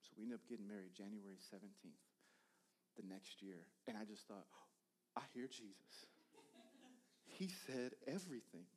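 A male preacher in his thirties telling a personal testimony from the pulpit. He talks in a loose, conversational way, repeating words and restarting sentences, and swings between loud, animated bursts and quiet, hushed asides. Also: on the low side, brisk.

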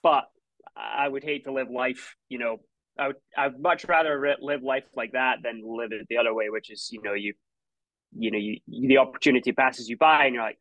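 A Scottish man in his thirties, once a college runner, speaks fairly quickly in a medium-pitched voice. In a casual interview, he tells stories full of restarts and fillers. The recording has no echo, and the highs are cut off.

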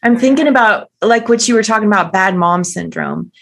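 A woman's voice: mid-range voice, animated, fairly quick, gravelly. A woman interviewer in casual chat who offers brief, encouraging agreement.

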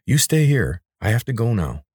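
A man voicing a brave young woman who gently soothes a huge beast in a storybook reading. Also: on the low side, big pitch swings, normal speed, slightly rough, no echo, clean studio sound, voice pushed up. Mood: gentle. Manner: soft, gentle and reassuring.

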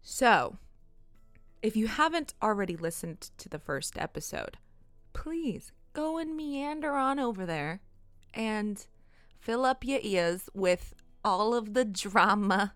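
A young woman hosting her own podcast, talking in a giggly, excitable way and swearing often. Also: mid-range voice, slow, no room sound, soft background music. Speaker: podcast host. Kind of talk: casual solo podcast.

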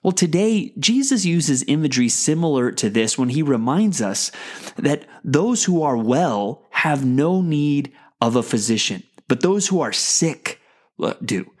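A man hosting a daily Bible devotional podcast, teaching in a conversational way and slowing down to read scripture aloud. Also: on the high side, big pitch swings. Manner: conversational, with fillers and restarts, reads scripture slowly.

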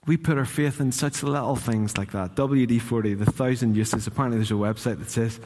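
Pastor preaching, chatty, asks the congregation stuff, church hall echo. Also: male voice, medium pitch, a little fast, darkish tone, slight background noise. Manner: conversational, asks the congregation questions. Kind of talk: sermon.

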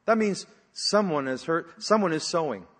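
A pastor preaching a sermon in a church, telling stories in a conversational way with fillers and sometimes dropping to a hushed voice. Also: male voice, fairly high pitch, animated, moderate pace. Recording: long reverb of a large hall.

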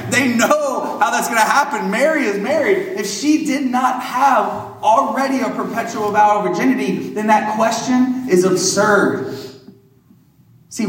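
A Catholic priest giving a homily in a conversational preaching style, asking rhetorical questions. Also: male voice, high voice. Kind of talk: sermon. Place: large church. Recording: echoey church hall, mic far off.

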